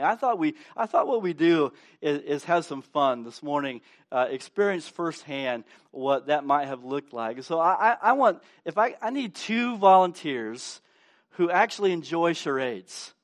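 A male pastor delivers a sermon in a church sanctuary, his voice sitting high. He keeps it playful, slipping into the voices of the story's characters and chatting with the congregation.

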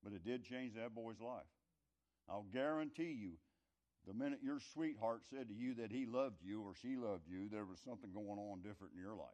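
A man's voice: lowish voice, fairly quick, highs cut off. Folksy man telling a rambling story. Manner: rambling, conversational, loudness rising and falling. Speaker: speaker telling a story to an audience.

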